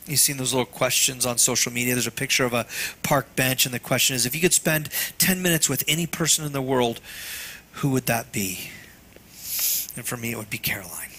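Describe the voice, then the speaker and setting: Bright-voiced earnest male preacher. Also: medium pitch, normal speed, a little hiss or hum. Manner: earnest and tender, often dropping to a hush. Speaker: pastor. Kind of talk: sermon.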